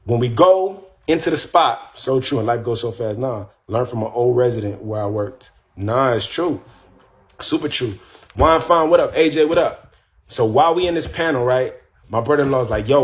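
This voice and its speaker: A man casually telling a story on his live stream, profane and laid-back, greeting viewers as he goes. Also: mid-range voice. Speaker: live-stream host and rapper.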